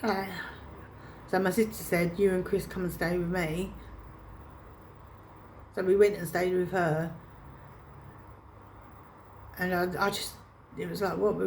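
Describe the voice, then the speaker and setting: Woman vlogger, low-voiced, choked up, replaying her own past words. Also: steady tone, a little slow, vocal fry, long pauses, darkish tone, slight background noise. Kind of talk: personal storytelling to camera.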